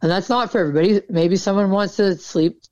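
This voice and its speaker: A woman's voice: mid-range voice, fast, mellow, dry recording. A woman military veteran talking candidly in an interview, casual and frank, swearing freely. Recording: dull, dry sound.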